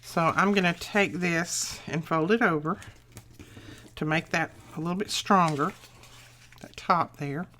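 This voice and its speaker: A woman's voice: on the low side, unhurried, pauses often, bright, forceful tone, a little hiss or hum. An older woman, chatting casually and folksily while she walks through a crafting tutorial, thinking aloud as she works. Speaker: crafting channel host.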